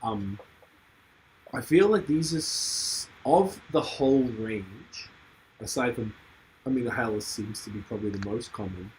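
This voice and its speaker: A man's voice: on the low side, unhurried, a little mellow, slight background noise, poor audio. A man hosting a podcast, thinking aloud in rambling, enthusiastic casual chat. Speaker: podcast host.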